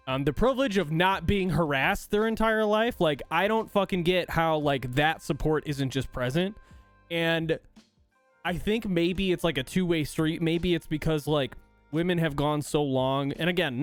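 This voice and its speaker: Talking casually to his stream chat, a streamer host with a slightly higher, clean-toned voice swears often and sounds fed up. His rant runs heated and exasperated while soft music plays faintly beneath.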